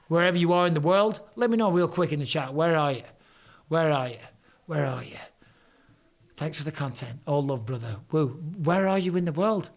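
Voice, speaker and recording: A man with a hoarse, strained voice runs a casual live stream. He reads viewer comments aloud and answers them with cheeky banter and casual swearing, and his pitch sits slightly high for a man. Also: normal speed. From England.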